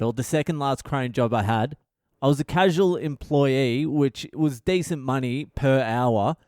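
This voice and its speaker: Profane man, smooth close voice. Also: medium pitch, darkish tone, dry recording. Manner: profane, rambling comic storytelling. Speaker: podcast host. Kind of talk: casual solo monologue.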